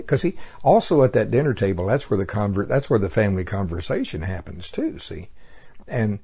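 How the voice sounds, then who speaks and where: Man preaching, folksy storytelling sermon, lively rise and fall, mellow husky voice. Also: fairly low pitch, a little fast. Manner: folksy, laughing, chuckles at his own stories.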